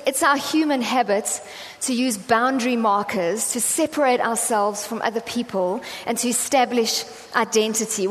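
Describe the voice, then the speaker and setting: A South African woman with a fairly high voice preaches in a relaxed, conversational way, telling stories and acting out the voices in them. Her words carry a long reverb from a large hall. A faint hum of room noise sits behind her. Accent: South African English. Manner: chatty storytelling, acting out quoted voices. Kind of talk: conversational sermon.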